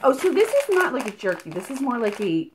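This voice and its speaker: A woman vlogging casually as she unboxes a subscription box at night, chatty and excitable, gushing over each item and a little out of breath. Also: a little high, a little fast, a little hiss or hum. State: slightly out of breath. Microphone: camera mic, filming at night indoors.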